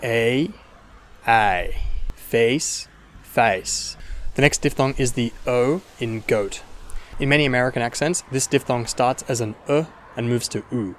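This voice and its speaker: A man's voice: mid-range voice, fairly even intonation, slight background noise. Man with a mild Australian accent. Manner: clear and methodical, demonstrating sounds slowly. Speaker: English teacher. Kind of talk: explanatory video lesson.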